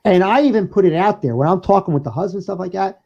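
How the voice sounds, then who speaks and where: Quick-paced, with a high-sitting, dark-toned voice and vocal fry, this podcast co-host and DJ rambles through stories in casual banter. He laughs frequently and restarts often, on a dull lo-fi recording.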